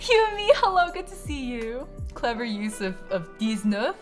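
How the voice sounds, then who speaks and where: A woman's voice: fairly high pitch, sing-song, measured pace, soft background music. A young woman live-streaming from her desk at home, chatting casually with her viewers. She swears a lot and laughs often.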